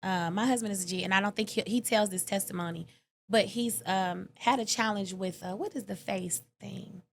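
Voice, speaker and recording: A woman guest talking openly in an interview, animated and emotional, with casual slang and quoted lines that leap up in pitch. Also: normal speed, creaky, a little hiss or hum. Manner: animated, expressive, acts out quoted lines with sudden high pitch. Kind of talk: candid conversational interview.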